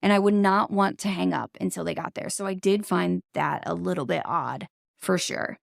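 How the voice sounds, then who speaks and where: A woman hosts a casual true-crime podcast with a gravelly, fry-laced voice. She talks bluntly, shares strong opinions and swears freely. The recording is dry and close, with no room sound. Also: lowish voice, moderate pace, dry recording. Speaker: podcast host.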